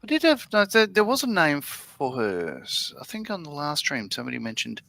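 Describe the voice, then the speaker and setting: A man co-hosting a relaxed livestream, talking in a loose, rambling way while he works on a model. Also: fairly high pitch, normal speed, creaky. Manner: rambling, lots of fillers and restarts. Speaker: livestream co-host building scale models. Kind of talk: relaxed casual chat.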